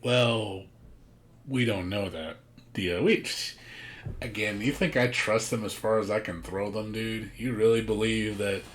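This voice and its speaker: A man's voice: on the low side, fairly even intonation, unhurried, a little hiss or hum. A man streaming a game, chatting casually with a blunt, profane, ranting manner. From United States. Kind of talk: casual chat.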